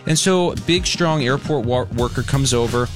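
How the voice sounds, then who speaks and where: A man hosting a radio talk show, telling a story with lively swings in pitch and acting out what people said. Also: moderate pace, soft background music. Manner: animated, acts out quotes with big pitch jumps. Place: radio studio. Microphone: studio mic.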